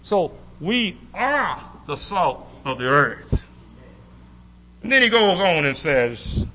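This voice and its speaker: A man's voice: sits high, sing-song, takes it slowly, pushed and bright, low-quality recording. A man preaching a sermon, quoting scripture in old-fashioned wording, with rhythmic swells and sudden drops for emphasis.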